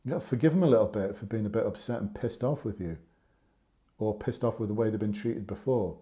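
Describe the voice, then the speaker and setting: Earnest ex-sergeant, low mellow voice. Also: male voice. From England. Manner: chatty and earnest, repeats points for emphasis. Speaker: former police sergeant hosting a live stream. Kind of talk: casual live-stream advice talk.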